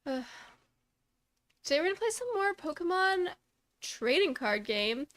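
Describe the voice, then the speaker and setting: A young woman streaming live, chatting casually and greeting her chat by name in a bubbly way, trailing off into quieter asides. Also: very high-pitched, very animated, unhurried.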